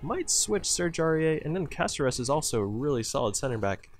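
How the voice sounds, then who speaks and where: A man's voice: a little high, very animated, a little fast, soft background music. A man giving live commentary over his own soccer video game match as a channel host, cheering on his players and talking to his viewers as "boys".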